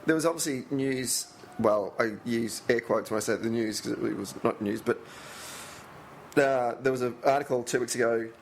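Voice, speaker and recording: A man's voice: on the low side, slight background noise. Male podcast co-host, loose and rambling, sweary casual chat. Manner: rambling, swears often, jumps into comic voices.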